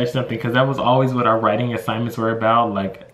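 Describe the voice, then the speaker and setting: A man's voice: medium pitch, flat delivery, quick pace, fairly bright tone, muffled recording. A young man from the United States telling a casual storytime to camera, rambling with many fillers like "you know" and "like". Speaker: vlogger. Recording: echoey room.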